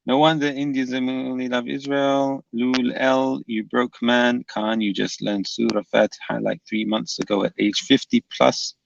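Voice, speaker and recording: A man's voice: medium pitch, flat delivery, measured pace, vocal fry, few pauses, no room sound. A man hosting a livestream, reading chat comments aloud and answering them with dry, unbothered banter. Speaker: livestream host. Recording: dull dry lo-fi mic.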